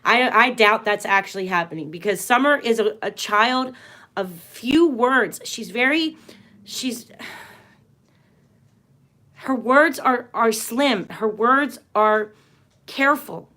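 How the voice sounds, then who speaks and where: A woman's voice: on the high side, expressive, takes it slowly, pauses often, bright, forceful tone. A woman hosting a tarot and astrology livestream, talking casually in an earnest, emphatic way, rambling and restarting her sentences often.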